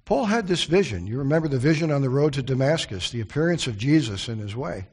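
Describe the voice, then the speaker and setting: A man's voice: medium pitch, animated, fairly quick, slightly rough. A man preaching a Bible study sermon in an earnest way, breaking off for chatty asides and restarting his sentences.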